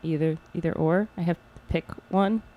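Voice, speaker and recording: A woman co-hosting a podcast, chatting casually with playful, quick quips. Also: lowish voice, fairly even intonation, highs cut off. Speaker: podcast co-host. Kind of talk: casual chat.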